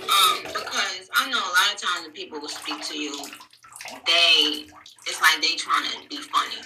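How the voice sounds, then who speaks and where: A woman's voice: lowish voice, normal speed, recorded from a distance, noisy background. A woman hosting a casual live stream, talking candidly and rambling a little as she addresses her viewers. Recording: roomy echo, away from mic.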